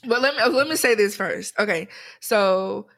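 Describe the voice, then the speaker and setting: A woman co-hosting a podcast, talking in an animated, casual way. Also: medium pitch, normal speed. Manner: animated, laughs often. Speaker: podcast co-host. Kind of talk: casual chat.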